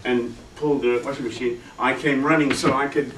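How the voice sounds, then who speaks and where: A man's voice: medium pitch, fairly even intonation, a little fast, noisy background. A man who is a guitarist, giving a workshop in casual teaching talk, chatty, sounding out rhythms with his voice. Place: music shop event room. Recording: roomy room, distant mic, guitar playing.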